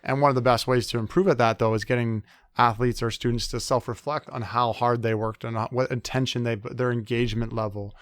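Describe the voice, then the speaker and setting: Smooth-voiced man, hesitant explainer. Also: medium pitch, steady tone, fairly quick, dry recording. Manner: hesitant, many fillers, acts out quoted complaints. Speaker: sport psychologist guest. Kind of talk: conversational interview.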